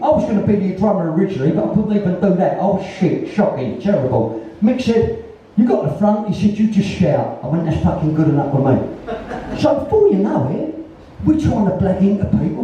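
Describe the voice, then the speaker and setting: Older Cockney man, blunt sweary raconteur, dark voice, lively pitch; recorded far off in a big echoey venue. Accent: Cockney, East London. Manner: blunt, sweary, laughing anecdotes. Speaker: interviewee, punk musician. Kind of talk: casual storytelling on stage. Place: live venue, in conversation event. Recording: echoey hall, distant lo-fi mic.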